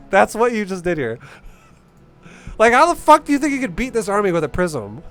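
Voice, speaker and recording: A man's voice: high-pitched, a bit bright, smooth. A young man giving blunt, profane, rambling coaching on a game. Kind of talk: casual game coaching commentary.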